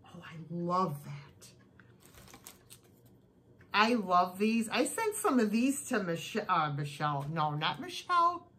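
A woman's voice: mid-range voice, sing-song, takes it slowly, long pauses, sharp tone, rough recording. A woman chatting at home in a casual haul video, gushing over each thing she unpacks. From United States. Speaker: thrift vlogger.

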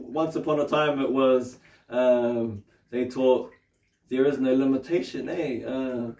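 A man's voice: fairly high pitch, darkish tone. A man with a New Zealand accent teaching meditation in a loose, casual way, swearing freely and tagging his sentences with questions. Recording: roomy, distant mic.

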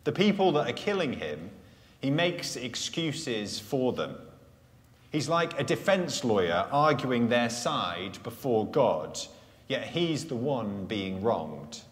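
A man preaching a live sermon at a Sunday church gathering, earnest, letting key phrases fall soft and low. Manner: earnest, slows and drops softly on key phrases. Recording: echoey church hall sound.

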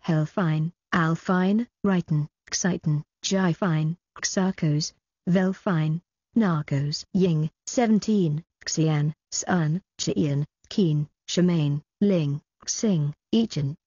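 Mellow breathy woman narrating an audiobook. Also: low voice, drawn-out words, dry recording. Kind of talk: storybook narration. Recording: dull, slightly lo-fi dry recording.

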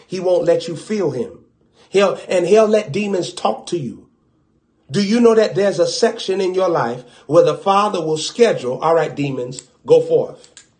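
A fervent male preacher with a Southern US accent and a somewhat high voice. He drives his points with loud exhortation, then drops into low, hushed asides. He acts out little dialogues as he goes. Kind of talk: sermon.

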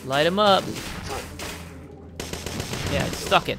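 A let's play commentator giving casual gaming commentary, sarcastic and swearing freely while yelling at the game characters. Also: medium pitch, lively intonation, moderate pace, noisy background.

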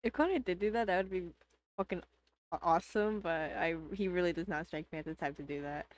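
A woman streamer hanging out and chatting with a friend. Her voice sits a bit low, and her replies are short and relaxed. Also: quick pace. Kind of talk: casual chat.

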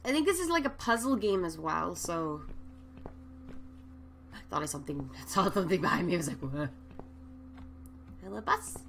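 A woman commenting on a horror game as she plays, excitable and jumpy, swearing and shrieking at scares and reading the game's text aloud. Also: on the low side, normal speed, creaky, long pauses, slight background noise. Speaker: let's play gamer. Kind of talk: let's play commentary.

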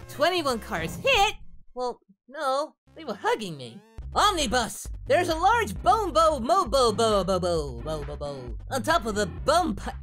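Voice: medium pitch, very animated, unhurried, fairly bright tone, soft background music. A performer voicing Goku, a cheerful, dim-witted adult martial-arts hero, giving childlike, whooping commentary on a game and referring to himself in the third person. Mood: excitable. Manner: giddy, childlike, shrieks and whoops. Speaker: let's play commentator in character. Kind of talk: comedic parody game commentary.

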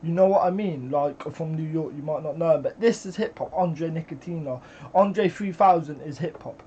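A British man reacting to music in casual commentary, excitable and exclaiming, with frequent swearing. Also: fairly high pitch, normal speed, highs cut off, a little hiss or hum.

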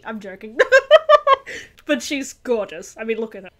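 A young woman with a high, bright-sounding voice hosts a reaction video. She gushes and chats in an excited, emotional way, laughing and tearing up easily as she comments. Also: slow.

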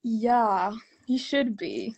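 A woman from Algeria, a fan calling in to a livestream, chatting casually, excited, giggly and starstruck. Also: a little high, drawn-out words, breathy edge. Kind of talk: casual chat.

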